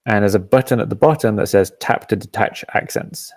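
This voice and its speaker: A man hosting a live app demo, patiently explaining each step and often pausing with "um". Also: on the low side, darkish tone, no room sound. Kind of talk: software demo and Q&A.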